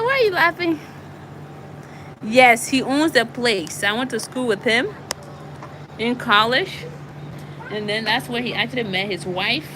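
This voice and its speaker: A woman's voice: medium pitch, noisy background. Chatty, laughing young woman vlogger. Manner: chatty, laughs often, animated storytelling. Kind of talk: casual walkthrough vlog. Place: indoors, walking through an apartment.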